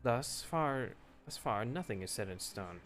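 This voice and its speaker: An earnest, formal woman who leads a city, read aloud by a man in his own plain voice. Her lines rise and fall in a lively way, with soft game music far behind. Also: medium pitch, unhurried. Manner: reads game dialogue aloud in a plain voice, no accent. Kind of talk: reading game dialogue aloud.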